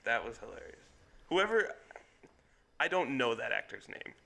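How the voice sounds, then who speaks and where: Gravelly bright-voiced man arguing about movies. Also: mid-range voice, very animated. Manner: teasing, argumentative, quick to laugh. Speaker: podcast co-host. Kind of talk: casual comedy movie chat.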